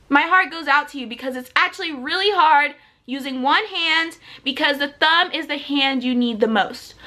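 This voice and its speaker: A teenage girl vlogger telling a personal story in a casual, animated way, full of fillers. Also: high voice. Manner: animated, dramatic retelling with many "like"s.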